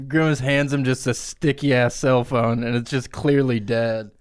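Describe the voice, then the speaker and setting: A man co-hosting a comedy podcast, telling an improvised crude story with laughter and lively swearing. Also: medium pitch, takes it slowly, smooth. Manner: crude, laughing, animated riffing. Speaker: podcast co-host.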